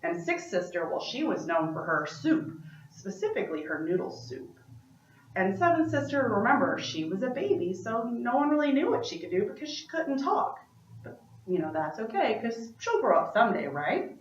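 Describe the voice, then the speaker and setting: A woman's voice: fairly high pitch, big pitch swings, normal speed, slight background noise. A woman telling a story aloud as a performance, playful and chatty with asides to her listeners. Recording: roomy, distant, dull-sounding room recording.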